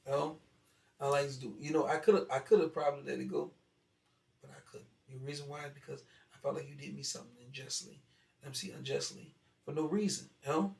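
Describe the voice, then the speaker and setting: A man speaking as an interview guest, telling a childhood story in an animated way that turns loud when he gets worked up. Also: mid-range voice, fast talker, gravelly. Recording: echoey room, far from mic, faint ambience.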